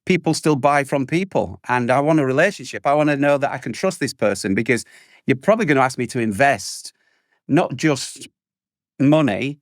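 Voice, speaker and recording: Animated man, dry close sound. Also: mid-range voice, moderate pace, dry recording. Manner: animated storyteller, acts out salespeople in exaggerated voices. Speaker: podcast panelist. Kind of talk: casual panel chat.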